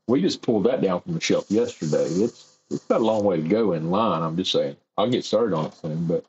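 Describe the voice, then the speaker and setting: Animated and brisk, this low, darkish voice has its highs cut off and a little hiss or hum. The airbrush artist rambles through casual livestream chat while painting in his home workshop, easygoing and self-deprecating.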